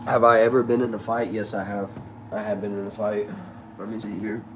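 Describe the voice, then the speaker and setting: A streamer chats casually with his viewers live, reading their comments aloud in relaxed slang and calling them y'all and bro. His voice is on the low side with little pitch movement, he talks fairly quickly, and the background is noisy.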